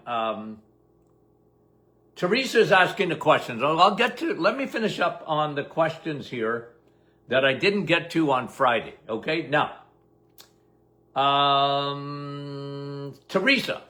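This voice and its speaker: An older man hosts a casual live-stream, his voice fairly high and sharp in tone. He chats away, reading viewer names off quickly, answering their questions and laughing at himself.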